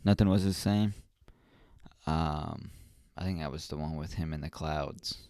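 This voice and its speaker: A man's voice: rumbling low, a little slow, mellow, dry recording, clean studio sound. A young man hosting a podcast, talking casually on his own in a rambling, reflective way, yawning often. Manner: rambling and reflective, with many ums and restarts. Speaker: podcast host. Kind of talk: casual solo podcast talk.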